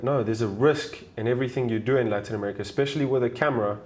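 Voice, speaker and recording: Very fast and mid-pitched, this young South African travel video maker tells stories casually while being interviewed. He's lively, doing the voices of the characters in his anecdotes.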